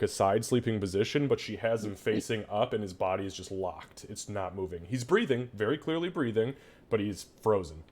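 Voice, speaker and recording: A man's voice: fairly low pitch, darkish tone. A man narrating a tabletop game as game master, describing scenes with frequent fillers and hesitations.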